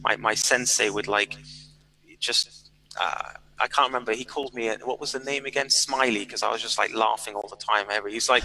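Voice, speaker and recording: A man guesting on a podcast, chatting in an animated, storytelling way, full of fillers and repeated words. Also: mid-range voice, brisk, rough recording. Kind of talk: casual interview chat.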